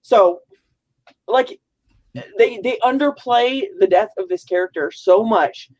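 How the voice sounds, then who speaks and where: Blunt woman trading quick asides. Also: mid-range voice, a little mellow. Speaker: podcast co-host. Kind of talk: casual film review chat.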